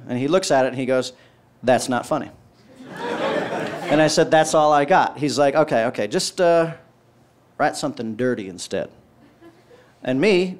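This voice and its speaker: A male stand-up comedian telling a long story and acting out both sides of the dialogue. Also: on the high side.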